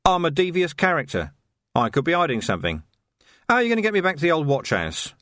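A man's voice: a little high, sing-song, fast, a bit bright, no echo, clean studio sound, pitched above the performer's own voice. A man doing a blunt, hardened copper. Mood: wary. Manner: firm and blunt. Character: hardened gruff male police sergeant.

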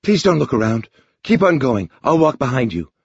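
A man voicing a female space commander whose soft, hesitant voice quavers, in a dull lo-fi recording. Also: mid-range voice, big pitch swings, moderate pace, breathy edge, no room sound, pitched above the performer's own voice. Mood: uneasy.

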